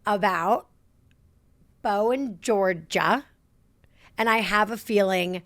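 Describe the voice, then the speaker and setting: A woman in her thirties co-hosting a podcast in casual chat, rambling and animated, with "like" in nearly every phrase. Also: mid-range voice, slow pace. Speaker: podcast co-host.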